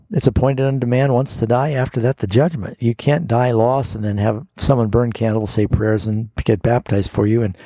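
A male pastor on a call-in radio show, walking listeners through scripture at an unhurried teaching pace. His voice is gravelly and husky, and it is heard dry and close. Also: mid-range voice, dark tone, no room sound. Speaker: pastor answering Bible questions.

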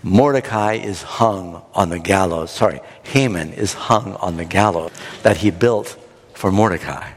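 A man preaching a sermon, retelling a scripture story in an animated, dramatic way. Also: deep voice, unhurried, husky, big-room sound. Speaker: pastor.

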